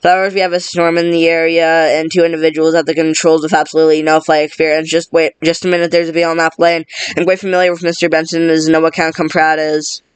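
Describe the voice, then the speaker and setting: A man racing through a film script, all the lines in one even pitch. His voice sits a little high and sounds very clear and close, with no room echo. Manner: flat, rapid monotone. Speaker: script reader. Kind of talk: reading a film script aloud.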